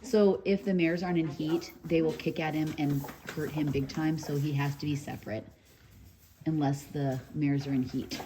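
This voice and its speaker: Background noise accompanies this low, steady voice moving at a moderate pace. She's a middle-aged farm owner and vlogger rambling casually through an outdoor tour in the cold, frequently addressing her animals.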